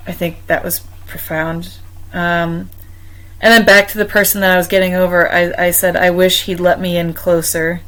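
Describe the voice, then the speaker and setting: A young woman casually recounting a personal experience to camera, chatty, with frequent ums and restarts. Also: poor audio. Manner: chatty, many ums and restarts, bursts into high excited quoting. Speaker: vlogger.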